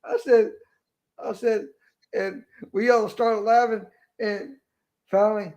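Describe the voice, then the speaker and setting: A man's voice: high voice, fairly even intonation, slow, darkish tone. A man on a casual livestream, retelling a story in a chatty way and repeating words as he goes.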